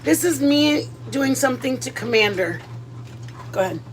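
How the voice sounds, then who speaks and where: Middle-aged woman, high bright-toned voice, rambling self-deprecating home-cooking vlogger. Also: expressive, normal speed, slight background noise. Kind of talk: casual chat.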